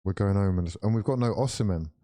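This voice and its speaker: A young man commenting live on a football match for viewers, excitable and full of exclamations as he chats along. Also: lowish voice, fast talker. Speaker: watch-along streamer.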